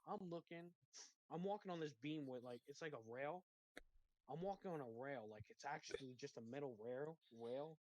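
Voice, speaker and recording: A man's voice: fairly high pitch, moderate pace, a little mellow, no room sound. A young man co-hosting a podcast who eagerly jumps in with his own story and swears casually. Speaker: podcast co-host.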